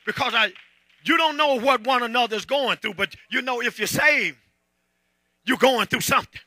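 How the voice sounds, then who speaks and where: A pastor with a Southern American accent preaching a sermon in church, calling on the congregation to answer and breaking into shouts and half-sung lines. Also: male voice, very high voice, moderate pace, no echo. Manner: preaching with call-and-response, shouting and half-singing. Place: church sanctuary.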